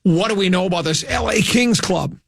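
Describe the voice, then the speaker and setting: A man's voice: high-pitched, fairly quick, creaky, fairly bright tone. A man hosting a sports talk radio show, rambling and repeating words as he thinks aloud in casual chat.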